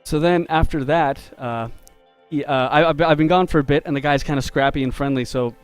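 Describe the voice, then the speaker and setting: A man telling a story in a relaxed, chatty way, laughing often as he draws live on a stream for his viewers. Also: on the high side, a little fast, clear, resonant tone, dry recording, soft background music. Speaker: game developer and artist streaming live. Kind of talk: casual storytelling while drawing on a live stream.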